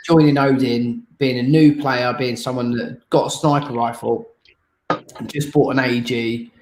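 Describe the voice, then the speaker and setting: A man co-hosting a casual chat, talking bluntly and swearing freely, in quick bursts. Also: medium pitch, echoey room, a little hiss or hum, low-quality recording. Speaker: co-host.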